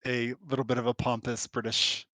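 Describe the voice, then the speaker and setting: A man's voice: mid-range voice, little pitch movement, fairly quick, sharp tone, dry recording. A man running a tabletop game as game master, narrating with laughing, self-deprecating asides.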